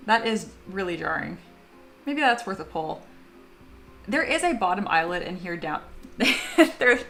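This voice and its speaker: A woman's voice: medium pitch, gravelly, fairly bright tone. A young woman chatting casually on her sculpting livestream, reading viewer comments aloud and laughing often. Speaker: 3D sculpting streamer.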